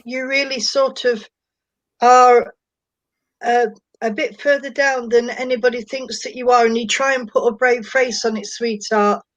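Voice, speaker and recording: Woman medium doing a reading, gentle and hesitant, lots of sweethearts, bit high voice. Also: dry recording, rough recording. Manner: gentle, hesitant, endearing terms. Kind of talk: spiritual reading in a service.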